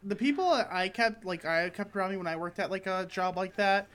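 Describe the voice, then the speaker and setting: High-voiced young man rambling. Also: brisk, fairly bright tone. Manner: rambling, filler-heavy storytelling with swearing. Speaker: podcast co-host. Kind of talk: casual chat.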